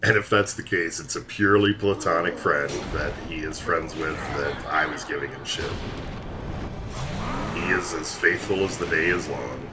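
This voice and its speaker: A man's voice: extremely low pitch, moderate pace, loud music behind the voice. A man streaming a game and chatting casually, teasing and joking with his viewers. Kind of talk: casual livestream commentary.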